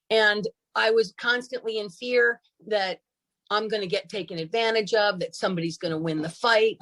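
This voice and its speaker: A woman's voice: medium pitch, fairly bright tone. An older woman tells her own recovery story to a meeting. She speaks candidly and emphatically, with dramatic swings in her delivery. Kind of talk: personal recovery testimony.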